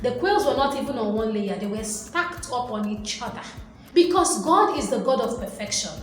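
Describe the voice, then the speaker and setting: A woman reading and teaching from the Bible, telling the story in a lively way and acting out the voices. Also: on the high side, moderate pace, slight background noise. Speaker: Christian video teacher. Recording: very echoey room.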